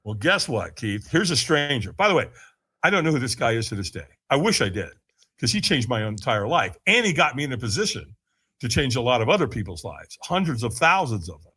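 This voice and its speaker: A man's voice: big pitch swings, fairly quick, pushed and bright, slightly rough. A man on a podcast, telling his story with frequent laughs and acted-out quotes. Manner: laughs often, acts out quotes in a higher voice. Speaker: podcast guest. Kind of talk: animated storytelling.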